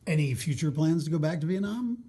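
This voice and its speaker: A man hosting a casual interview podcast, chatty, with quick reactions and laughs. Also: fairly high pitch, animated, mellow. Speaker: podcast host.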